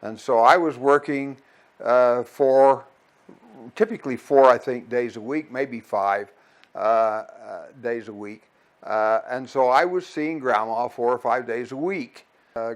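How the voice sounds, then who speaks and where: Halting man remembering his grandmother. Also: medium pitch. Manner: hesitant, halting. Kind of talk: oral history reminiscence.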